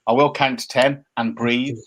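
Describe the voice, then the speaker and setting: A middle-aged man, co-hosting a casual chat show from home and given to animated, jokey rants. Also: medium pitch, moderate pace, a little hiss or hum. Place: home room by a window. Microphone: laptop camera.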